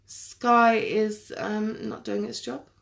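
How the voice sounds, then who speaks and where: A woman's voice: mid-range voice, level tone, takes it slowly, creaky. Chatty woman on a live stream. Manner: chatty, rambling, answers viewer comments by name. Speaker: makeup tutorial host. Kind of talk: casual live-stream chat while doing makeup. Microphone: webcam or phone on a live stream.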